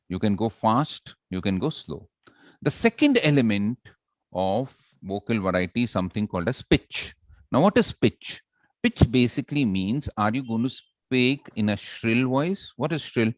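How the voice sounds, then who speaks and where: A man with an Indian English accent lectures on public speaking to an online class, his pitch swinging widely as he demonstrates. The sound is dry and close, with little room echo. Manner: animated, audience check-ins.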